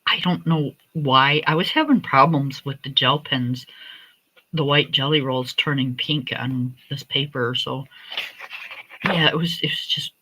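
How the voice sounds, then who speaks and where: Female stream host, casual chat, unhurried and meandering, bright tone. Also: rumbling low, slight background noise, poor audio. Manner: meandering, relaxed and chatty. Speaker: livestream host. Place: home.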